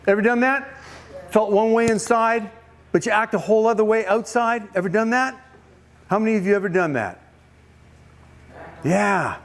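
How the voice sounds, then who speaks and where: A man's voice: sits high, moderate pace, pauses often. A man giving a youth camp sermon, retelling a Bible story and questioning his listeners. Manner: animated storytelling, questions to the audience. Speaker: camp speaker.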